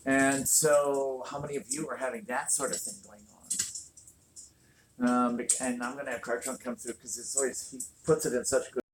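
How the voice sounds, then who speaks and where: A woman's voice: a bass voice, level tone, normal speed, music in the background. A woman hosting a casual livestream from home, talking with many fillers and restarts. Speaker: channel host. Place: home room with a fireplace.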